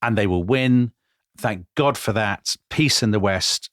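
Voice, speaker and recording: A man, a podcast co-host, vividly retelling history in animated chat. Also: fairly low pitch, measured pace, dry recording, studio quality. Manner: vivid, dramatic retelling with quoted voices.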